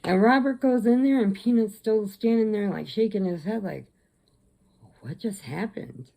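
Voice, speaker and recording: Gravelly, mellow-voiced woman chatting casually. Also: a little high, normal speed. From Illinois, USA. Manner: rambling, chatty, laughs often. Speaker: crochet channel host. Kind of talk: casual storytelling vlog.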